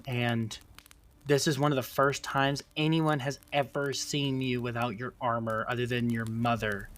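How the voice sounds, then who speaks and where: A man's voice: mid-range voice, fairly bright tone. A man narrating as game master of a tabletop role-playing game, rambling with many fillers.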